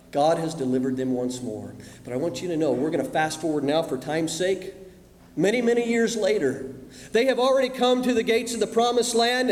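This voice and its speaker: High-voiced preacher man in an echoing hall. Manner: dramatic, swings from loud emphasis to hushed asides. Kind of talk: sermon. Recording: echoey hall with long reverb.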